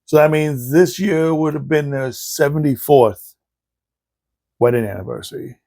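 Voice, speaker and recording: A man's voice: on the high side, measured pace, vocal fry, mellow, no echo. A man hosting a casual show, telling funny family stories and laughing often as he talks. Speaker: podcast host. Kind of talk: casual storytelling.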